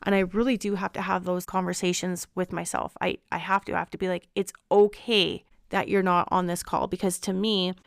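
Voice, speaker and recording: Gravelly-edged, smooth-voiced woman host. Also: on the low side, flat delivery, fairly quick, hardly any pauses, dry recording, clean studio sound. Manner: candid, reflective monologue. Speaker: podcast host. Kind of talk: casual personal reflection.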